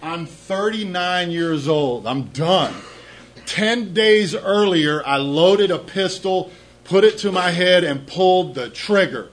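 A man's voice: high-pitched, slow pace, a bit bright, rough recording. A middle-aged man telling his own recovery story to an audience, candid and self-deprecating, often repeating words as he starts a thought. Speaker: speaker sharing a recovery story. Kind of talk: personal testimony talk to an audience.

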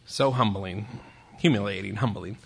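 A man's voice: lowish voice, moderate pace, creaky, husky. An older man sharing his recovery story as a talk, wry and self-mocking with campy punchlines. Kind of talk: humorous personal storytelling talk.

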